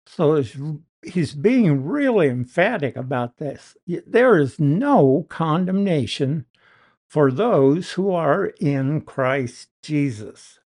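A man's voice: a little high, animated, slow pace, darkish tone. A man teaching a verse-by-verse Bible lesson, explaining and stressing key words with emphasis.

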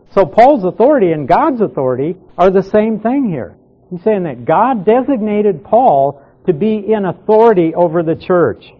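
A pastor teaching a Bible class, explaining verses slowly and repeating key words for emphasis. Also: male voice, high voice. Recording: dull lo-fi sound.

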